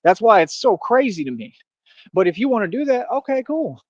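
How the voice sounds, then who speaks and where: A man's voice: sits high, very animated, fairly quick, no room sound. A man ranting on a stream in casual street slang, boastful and confrontational, calling out critics with lots of "like" and "bro". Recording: dull lo-fi stream audio.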